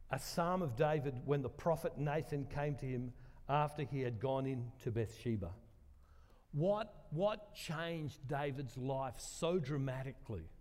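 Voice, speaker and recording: A man's voice: medium pitch, darkish tone, in a large hall. An older man, preaching a sermon in a conversational way, questioning the congregation and joking about himself. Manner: conversational, asks the congregation questions, self-deprecating humor.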